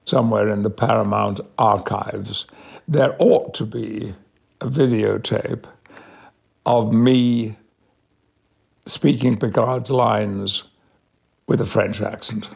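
An older man from Yorkshire with an English accent, a veteran actor telling measured, reflective anecdotes in an interview and chuckling often. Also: fairly low pitch, steady tone, gravelly, husky. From Yorkshire, England. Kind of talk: interview storytelling.

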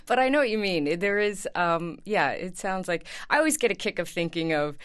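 A woman's voice: on the low side, lively intonation, a little fast, clean tone. A woman speaking as an actress guest in an interview, chatty and rambling, with many hesitations. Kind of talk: casual interview chat.

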